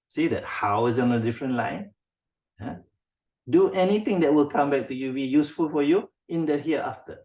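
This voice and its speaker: A man's voice: on the high side, expressive, measured pace, long pauses, a little mellow. A man with a Malaysian accent teaching a class on writing quotes, calling on students by name and checking in with them often. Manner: code-switching, often checks in with a questioning "yeah?". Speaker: writing instructor. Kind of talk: interactive classroom lesson.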